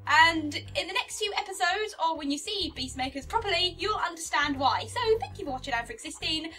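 A young woman casually commentating on her gameplay, excitable and prone to dramatic outbursts. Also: very high-pitched, fairly quick. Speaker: let's play host. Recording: distant mic with game music.

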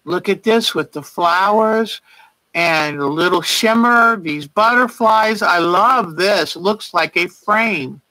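A woman's voice: medium pitch, takes it slowly, bright, forceful tone, dry recording, rough recording. A woman hosting a casual quilting livestream, chatty and gushing with praise as she shows viewers' work by name. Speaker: quilting show host. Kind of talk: casual livestream show-and-tell.

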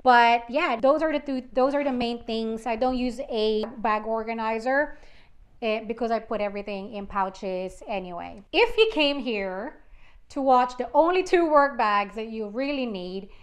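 A young woman talks through her everyday gear in an easy, chatty vlog. Her voice sits fairly high and she takes her time, letting each item land before moving on. It sounds conversational and unhurried. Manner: chatty, conversational, shows items one by one. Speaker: fashion vlogger. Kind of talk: casual vlog chat.

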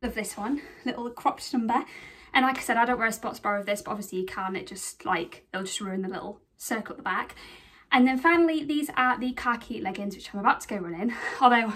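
A woman's voice: fairly high pitch, fairly quick, a bit bright. A young woman chatting casually through a clothing try-on haul, out of breath, giggly and full of fillers. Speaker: vlogger.

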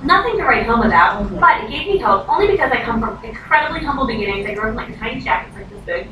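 In a noisy, echoey room recorded from far away, a fairly high-pitched woman in her thirties talks fast and animatedly. As a direct sales consultant giving a chatty training session, she uses "like" a lot and acts out the voices she quotes.

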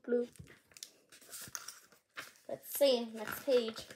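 A woman reading picture books aloud as a channel host, chatty and bubbly, with asides between lines and the odd stumble over names. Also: on the high side.

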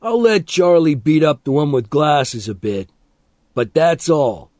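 A man doing a teenage bully who never needs to raise his voice, pitched a little higher than the reader's own and speaking with patient, smooth menace. His lines swing up and down as he coaxes and threatens. This is a storybook reading with a close, dry sound. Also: sing-song, measured pace, a little mellow, no room sound. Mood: mocking coaxing. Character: calm menacing older teen gang leader.

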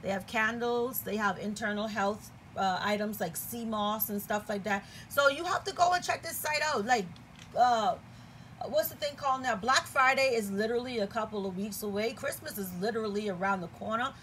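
A woman's voice: fairly high pitch, normal speed, fairly bright tone, slight background noise. A woman from the Caribbean giving a chatty, enthusiastic unboxing review, often checking in with "okay?". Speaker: product reviewer.

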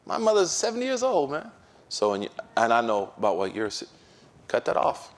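An imam giving a relaxed talk to a crowd, his voice sitting at an ordinary middle pitch. He tells his stories with lots of slang and lively energy, and he acts out what other people said as he goes. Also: a little fast. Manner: animated storytelling with slang and acted-out quotes. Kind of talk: informal religious talk to an audience.

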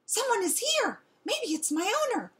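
A woman's voice: on the high side, sing-song, a little slow, pitched above the performer's own voice. A woman voicing an eager lost storybook dog. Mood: excited. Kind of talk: storybook read aloud.

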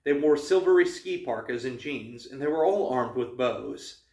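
A man reading a novel aloud for his channel, in steady narration with small stumbles. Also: mid-range voice, normal speed. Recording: roomy, distant mic.

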